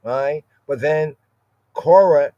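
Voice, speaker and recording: A man's voice: a little high, takes it slowly, mellow, dry recording. A man teaching scripture on a podcast in a loose, informal way, repeating key words and asking "right?" after nearly every point. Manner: repeats words, constant "right?" tag questions. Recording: dry, slightly dull audio.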